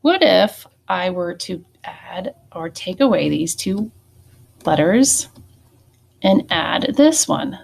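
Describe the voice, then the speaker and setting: A woman's voice: on the low side, animated, slow pace, vocal fry, a little mellow, slightly rough. A woman teaching a phonics lesson, patient and checking in with students often. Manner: patient, checking in with frequent "okay?" and "right?".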